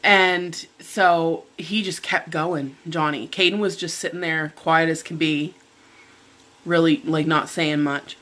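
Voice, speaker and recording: Middle-aged woman, storytime vlogger, lowish pitch, sharp tone, animated. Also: slow. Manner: animated retelling, acting out her own quoted lines. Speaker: mukbang vlogger. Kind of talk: storytime chat over breakfast.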